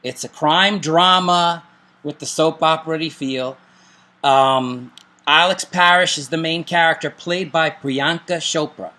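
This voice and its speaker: A man's voice: on the high side, measured pace, sharp tone. A middle-aged man co-hosting a casual chat and recommending TV shows, joking and making self-deprecating asides. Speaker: show co-host.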